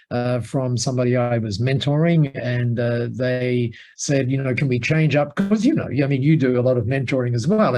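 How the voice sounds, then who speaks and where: An Australian man, a podcast guest, telling a story in an animated way and chuckling often. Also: mid-range voice.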